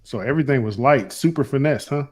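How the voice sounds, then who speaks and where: A man's voice: medium pitch, fast, slight background noise. Male host, loose slangy banter, teasing, mid-range voice. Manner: joking, slangy, says "bro" often. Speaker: show host. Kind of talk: casual banter.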